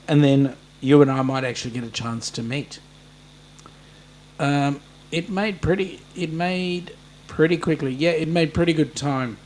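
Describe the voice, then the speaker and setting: An Australian man hosting a casual live-stream chat, reading out viewers' comments and answering them with plenty of ums and a friendly matey manner. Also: fairly high pitch. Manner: chatty, addresses viewers by name, many ums.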